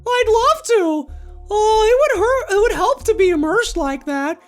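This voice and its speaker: A woman voicing a touchy, earnest young woman student in a high, indignant voice. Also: animated, measured pace, soft background music. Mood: wistful.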